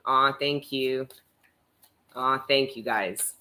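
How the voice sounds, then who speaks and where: Young woman, deep voice, casual live tarot reader, chatty and frank. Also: fairly even intonation, slow, bright, forceful tone. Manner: chatty, laughs often, reads out chat comments; swears casually. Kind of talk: live-stream tarot reading.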